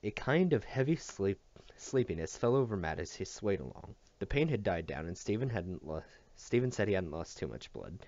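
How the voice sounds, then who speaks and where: A man reading a novel aloud as scripted narration, in an expressive storytelling manner. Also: fairly low pitch, moderate pace, a little hiss or hum. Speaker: audiobook reader. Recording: dull dry recording.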